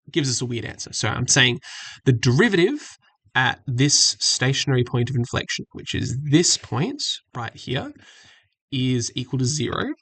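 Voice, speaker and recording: Gravelly-voiced man teaching maths. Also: medium pitch, fairly bright tone, no room sound. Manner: patient, methodical, self-correcting. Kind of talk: screen-recorded exam walkthrough.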